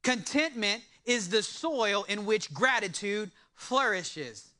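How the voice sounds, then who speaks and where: A man preaching a sermon in an animated way, with joking asides to his congregation. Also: high-pitched, slow pace. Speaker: pastor.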